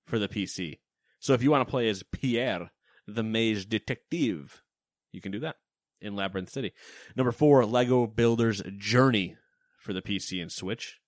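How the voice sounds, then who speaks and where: A man's voice: fairly low pitch, moderate pace, dry recording, clean studio sound. A man co-hosting a casual gaming news podcast, joking around and reading game lists with playful emphasis. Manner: lively, jokey, reads lists with playful emphasis. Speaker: podcast co-host.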